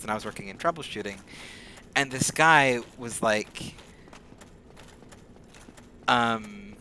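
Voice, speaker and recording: Rambling man streaming a game. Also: mid-range voice. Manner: rambling, often speeds up into rapid talk. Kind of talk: casual chat while streaming a game. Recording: steady background noise.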